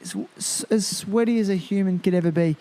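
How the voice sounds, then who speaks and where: Man, podcast host, mellow voice, rambling casual talk, swears freely. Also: high-pitched, fairly quick. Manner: loose, rambling, heavy on fillers and swearing. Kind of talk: casual conversation.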